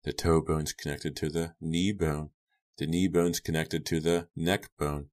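A man reading the part of an unhinged young woman, speaking quietly with calm, eerie menace. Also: a bass voice, measured pace. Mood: quietly menacing.

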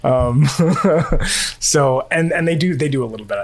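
Male podcast co-host, chatty and rambling, very lively pitch, home mic. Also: a little slow. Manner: chatty, rambling, lots of fillers and laughs. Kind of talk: casual chat. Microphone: home recording setup.

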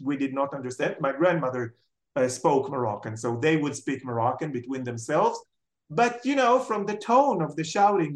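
A memoir author from Israel, telling animated family anecdotes thoughtfully in an interview, with frequent hesitations. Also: medium pitch, reverberant. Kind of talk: reflective storytelling in an interview.

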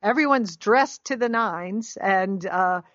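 A woman's voice: mid-range voice, slow pace, a bit bright, dry recording. Chatty woman, dry lo-fi sound. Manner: chatty, wry, frequent fillers. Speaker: podcast co-host. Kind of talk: casual chat recapping a TV episode.

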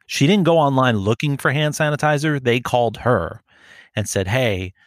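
A man chats casually on a podcast and tells animated stories, acting out both sides of phone calls and swearing as he goes. His voice sits at a middle pitch. The sound is close and dry, with no room behind it. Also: moderate pace, no echo. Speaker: podcast co-host. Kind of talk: casual chat.

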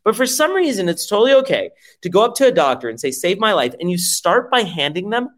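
Brief: a male tech founder on a podcast, salesy and blunt, with swearing and big pitch swings and acted-out asides. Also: big pitch swings, quick pace, fairly bright tone. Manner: profane, emphatic, rhetorical questions and acted-out scenarios. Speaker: startup CEO guest. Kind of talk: animated conversational pitch. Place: podcast interview.

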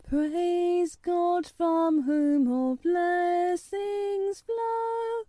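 A woman reading aloud, voicing a cheerful, simple country boy with a who sings a hymn high and slow. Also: lively intonation, warm tone, dry recording, studio quality, faint music behind. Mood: devout.

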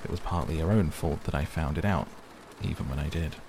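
Man reading as a wry gentleman, low voice. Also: brisk, vocal fry, noisy background. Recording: steady rain sounds behind.

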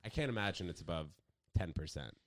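A man's voice: sits low, lively intonation, fast, no echo. A man hosting a podcast in casual chat, joking and prompting his guest with questions. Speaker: podcast host.

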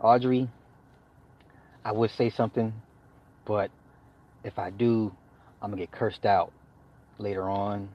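A man's voice: on the low side, level tone, measured pace, long pauses. A man casually chatting on his live stream, joking and swearing, laughing often and answering the chat by repeating points for emphasis. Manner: profane, joking banter with frequent laughter; talks back to chat, repeats phrases for emphasis. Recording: dull lo-fi dry sound.

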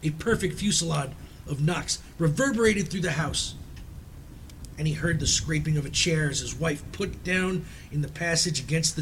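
A man telling a ghost story aloud in a dramatic, suspenseful reading, sinking low and quiet at tense moments. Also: a little hiss or hum.

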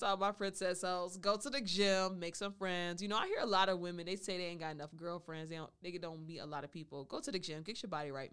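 A woman's voice: fairly low pitch, a bit bright, clear, resonant tone. A woman hosting a solo storytelling podcast, talking playfully and now and then referring to herself in the third person. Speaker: podcast host.

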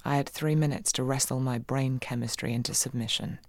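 A woman reading a first-person audiobook in a wry, expressive way, swinging between giddy and hushed. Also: a bass voice, fairly quick, no room sound. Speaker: audiobook narrator.

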